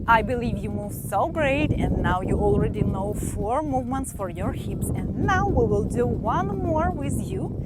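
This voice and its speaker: A woman's voice: medium pitch, sing-song, a little slow. Woman counting out a belly dance class. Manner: counts beats aloud and cues body posture. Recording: loud background noise.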